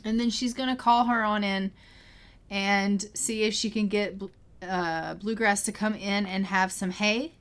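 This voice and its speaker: A woman's voice: medium pitch, fairly even intonation, unhurried. Woman narrating a life-sim game. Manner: chatty, easygoing play-by-play. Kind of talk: storytelling gameplay commentary.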